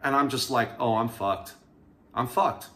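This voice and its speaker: A man's voice: medium pitch, a little slow. A man telling his own prison stories to camera in a casual, candid way, acting out the people he quotes. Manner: candid, animated retelling with quoted voices.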